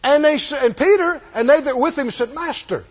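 A man preaching a sermon, laughing often and acting out the scripture scenes in lively voices. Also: very high voice, a little fast.

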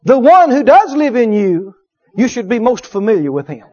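A man preaching a sermon, animated, acting out little dialogues and swinging from loud to hushed. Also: extremely high pitch, normal speed. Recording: dull lo-fi sermon recording.

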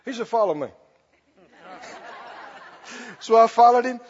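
High-voiced pastor preaching with fervor. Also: male voice, expressive, unhurried, muffled recording, some chatter behind. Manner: storytelling, then fervent prayer and praise. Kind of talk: sermon.

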